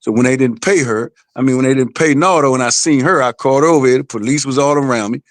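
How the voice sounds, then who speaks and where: Fast-talking blunt man, profane storyteller. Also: medium pitch, no echo. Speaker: boxer's father. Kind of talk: casual podcast chat.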